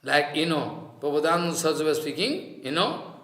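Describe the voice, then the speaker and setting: A man giving a slow, reflective sermon, chanting Sanskrit verses and explaining them. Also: on the high side, big pitch swings, fairly bright tone. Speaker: spiritual teacher. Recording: roomy echo.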